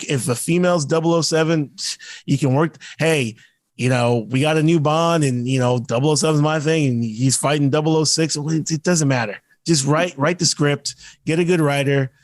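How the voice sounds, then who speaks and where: A man's voice: fairly high pitch, brisk, no room sound, studio quality. A man co-hosting a podcast, rambling through casual chat with lots of restarts and some cursing. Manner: rambling, profane, frequent restarts. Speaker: podcast co-host.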